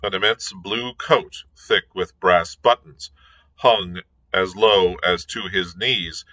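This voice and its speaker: Slow, bright-voiced male reader. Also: low-pitched, fairly even intonation, poor audio. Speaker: librarian reading aloud. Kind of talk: read-aloud narration.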